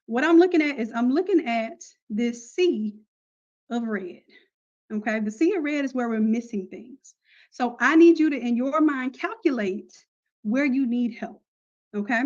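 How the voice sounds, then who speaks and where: High-voiced, chatty woman teaching online. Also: animated, unhurried, a little mellow, muffled recording. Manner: chatty, upbeat, uses y'all and slang. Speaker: online course instructor. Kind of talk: casual live class talk.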